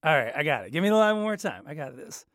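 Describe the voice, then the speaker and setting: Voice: medium pitch, very animated, fast, fairly bright tone, no room sound. A voice actor recording lines for an audio drama, often stammering, restarting and laughing between takes.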